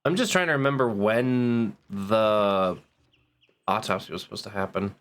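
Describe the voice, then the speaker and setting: A man's voice: on the low side, unhurried, fairly bright tone. A man streaming a game, thinking aloud, reading bits of game text and laughing easily as he chats. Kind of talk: casual gameplay chat.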